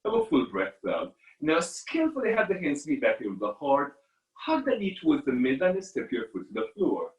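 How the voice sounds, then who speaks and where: A man teaching a live online yoga class, giving calm guiding cues to his students. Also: fairly high pitch, moderate pace, highs cut off. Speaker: yoga instructor. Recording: echoey room from far off.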